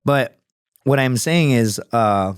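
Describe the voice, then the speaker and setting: A man who is a podcast guest, telling stories in a casual, profane and animated way, acting out other people's voices as he goes. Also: medium pitch, slow pace, clear, resonant tone, no room sound, studio quality. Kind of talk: casual storytelling. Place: podcast studio.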